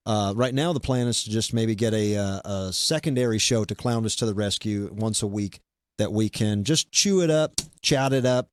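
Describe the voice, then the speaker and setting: Recorded cleanly in a studio with no echo, this medium-pitched man is a podcast host under interview. His talk is a loose, casual ramble full of fillers and restarts.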